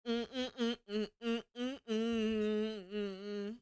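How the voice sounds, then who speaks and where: A young woman streaming live, talking to her chat in a loud, blunt, profane way and laughing often. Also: fairly high pitch, fairly even intonation, extremely slow, smooth.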